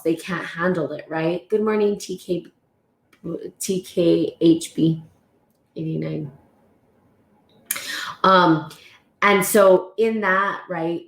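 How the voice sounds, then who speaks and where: A woman hosting a live stream, talking reflectively and reassuringly with frequent fillers, reading passages aloud and greeting viewers. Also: lowish voice. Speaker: podcast host. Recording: echoey room.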